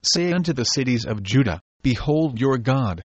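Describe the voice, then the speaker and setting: A man reading an old religious treatise aloud, in slow and deliberate phrases with pauses. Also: mid-range voice, animated, breathy edge, dry recording, highs cut off. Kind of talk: measured reading of a sermon text.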